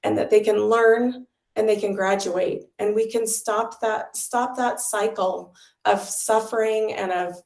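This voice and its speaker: A woman's voice: mid-range voice, steady tone, unhurried, vocal fry, a little mellow. Brief: middle-aged woman policy director, conversational and earnest, echoey room. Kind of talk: presenting at an online volunteer meeting.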